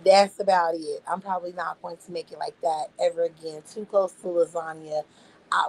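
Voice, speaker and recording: A woman's voice: lowish voice, fairly even intonation, brisk, rough recording. A young adult woman on a casual livestream, speaking in a laid-back, slangy way and talking back to her chat. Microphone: phone.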